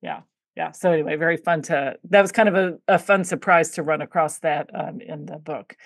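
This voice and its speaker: A woman hosts a podcast in a relaxed, talkative way, with lots of fillers as she tells stories. Her voice sits a little low. The recording is dry and close. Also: a little fast, dry recording. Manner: chatty, storytelling, many fillers. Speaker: podcast host. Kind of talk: casual interview chat.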